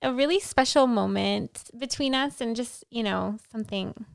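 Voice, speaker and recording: Young woman with a slightly gravelly voice. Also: fairly high pitch, no echo. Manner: warm listener, quick to laugh. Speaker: podcast co-host. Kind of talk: casual chat.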